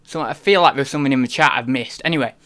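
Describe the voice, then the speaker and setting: A man's voice: medium pitch, very fast, a bit bright. A man hosting a live stream, chatting casually in a rambling, self-deprecating way. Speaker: reselling streamer host.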